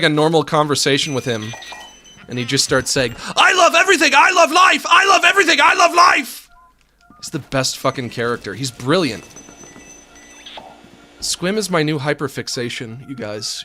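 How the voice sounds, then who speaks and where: A man streaming a game, chatting excitedly and rambling about a favourite cartoon character. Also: mid-range voice. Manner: excitable, rambling fan talk. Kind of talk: casual gaming stream commentary.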